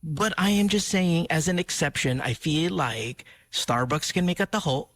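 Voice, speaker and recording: Bright-voiced man joking on air. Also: a little high, normal speed. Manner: playful, jokey, animated. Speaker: radio host. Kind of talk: casual radio banter. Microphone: studio microphone.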